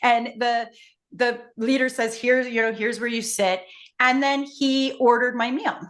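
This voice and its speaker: A woman's voice: a little high, measured pace. A middle-aged woman, a facilitator and coach, telling stories in a casual conversation and acting out the dialogue. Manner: animated, acts out dialogue in her stories.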